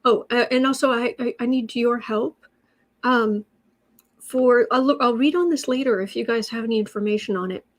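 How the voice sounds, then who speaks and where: A woman in her forties from West Virginia hosts a tarot and astrology livestream. Her voice sits a little high. She talks in a chatty, loose way, thanks viewers by name and often starts a sentence over. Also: normal speed. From West Virginia, USA. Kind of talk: casual livestream chat.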